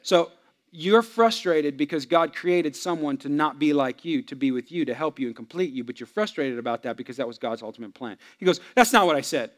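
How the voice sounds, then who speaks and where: Delivering a marriage sermon to a congregation, this pastor talks briskly in a fairly high pitch. He shifts back and forth between loud, animated passages and quiet asides.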